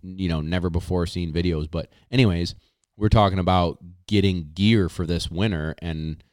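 A man hosting a casual podcast, reading sponsor spots in a hyped, slangy way with drawn-out catchphrases. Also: deep voice, fairly even intonation, darkish tone, dry recording, clean studio sound. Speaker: podcast host.

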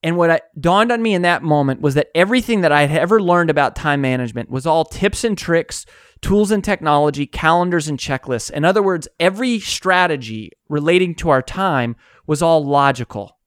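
A man tells stories in a conversational interview, animating them and acting out quoted lines. His voice sits a little high for a man. The sound is dry and close with no room around it. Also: brisk, smooth, dry recording. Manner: animated storyteller, acts out quotes. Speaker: author and coaching company founder.

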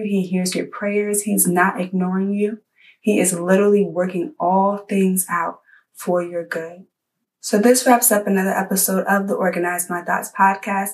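A woman's voice: mid-range voice, distant mic. A woman hosting a podcast, giving an earnest, encouraging faith talk and acting out her own prayers. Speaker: podcast host. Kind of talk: faith-based motivational talk.

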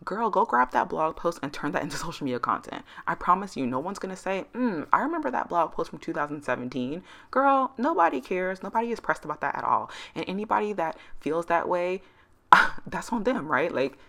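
A woman's voice: on the low side, sing-song, fairly quick, gravelly, a bit bright. A woman hosting her own podcast, giving casual, emphatic advice. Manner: chatty, emphatic, says "girl" and "like" often. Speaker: podcast host.

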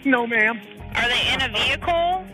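A woman's voice: fairly high pitch, animated, moderate pace, bright, forceful tone, soft background music. A woman doing an emergency call, caller and dispatcher. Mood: urgent.

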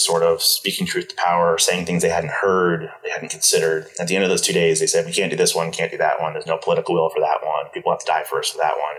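A middle-aged man, a podcast guest, telling a personal story in an earnest, reflective way with halting restarts. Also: low voice, fairly bright tone, low-quality recording.

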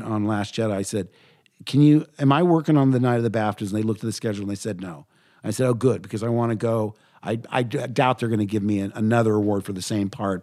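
An older man, a voice actor, telling lively anecdotes in an interview. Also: medium pitch. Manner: animated anecdotes, quotes himself in lively voices. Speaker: voice actor guest. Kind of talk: interview storytelling.

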